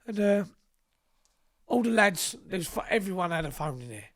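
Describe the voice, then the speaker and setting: High-voiced man telling stories. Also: big pitch swings, moderate pace, fairly bright tone. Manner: swears freely, acts out both sides of exchanges. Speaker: podcast guest. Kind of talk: casual storytelling.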